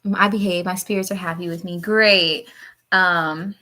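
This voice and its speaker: A woman's voice: fairly even intonation, moderate pace, bright, forceful tone. A young woman doing a casual, profane tarot reading live stream, laughing often and talking to her chat. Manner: jumps between topics with sudden high-pitched bursts.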